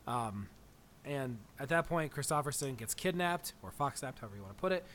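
A man in casual conversation as a podcast co-host, retelling scenes in an animated way and acting out quotes. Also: medium pitch, brisk, slight background noise. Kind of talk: casual chat.

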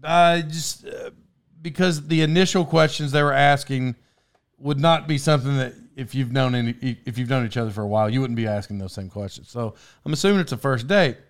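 A man with a medium-pitched voice talks fairly quickly while hosting a podcast from a studio. He rambles casually through a story, often cutting himself off and laughing.

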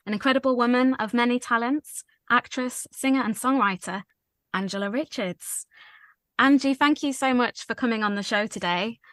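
A woman's voice: on the high side, normal speed, a bit bright, dry recording, clean studio sound. A woman hosting a podcast, asking enthusiastic questions and laughing along with her guest. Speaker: podcast host and interviewer. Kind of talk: friendly interview questions.

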